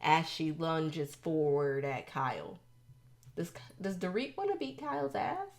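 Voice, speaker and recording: Woman host, lowish voice, sassy casual recap delivery. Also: gravelly. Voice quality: expressive, sassy, with quick asides.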